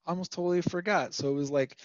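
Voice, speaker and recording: A man's voice: high voice, steady tone, rapid-fire, dry recording, dull audio. A young man from Minnesota, a podcast guest, telling a story casually with lots of fillers and laughs.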